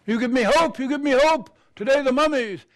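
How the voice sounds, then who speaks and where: A man's voice: high-pitched, very animated, moderate pace. A man voicing an elderly woman who is bubbly and encouraging, in a told story. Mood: gushing.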